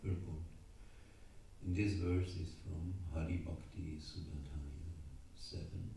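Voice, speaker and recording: A man reads scripture slowly in a deep, mellow voice, leading his listeners line by line. His words ring through a large echoing temple hall, picked up from a distance, with faint room ambience behind. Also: fairly even intonation, vocal fry, slight background noise. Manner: measured, leads a congregation to repeat line by line. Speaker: scripture class leader. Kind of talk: reading scripture verses and translations aloud. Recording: echoey hall, voice far from mic.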